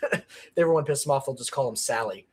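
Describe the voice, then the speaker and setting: A man's voice: mid-range voice, fast talker, husky. A man chatting on a casual livestream about his channel, rambling with lots of ums and restarts. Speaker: channel creator.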